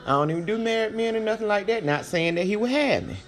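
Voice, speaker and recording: A talkative woman hosts her own podcast and riffs on the news in casual, slang-filled commentary. Her voice is mid-pitched and lively, jumping between loud bursts and quiet asides. Faint music plays underneath. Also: fast talker. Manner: animated, chatty, slangy, swings between loud and soft. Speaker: podcast host.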